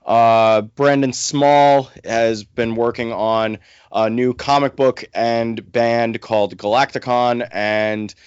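A man's voice: mid-range voice, steady tone, slow, clean tone, no echo, lo-fi sound. A man on a casual comedy podcast telling a jokey, mock-sentimental story. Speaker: podcast co-host.

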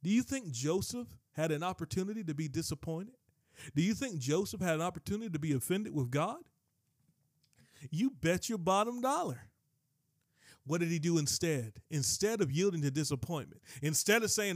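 A man preaching a sermon, emphatic and animated, with frequent asides to the listeners and bursts up to shouting. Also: a little high, moderate pace, no echo, clean studio sound. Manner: frequent asides to the congregation like "watch this".

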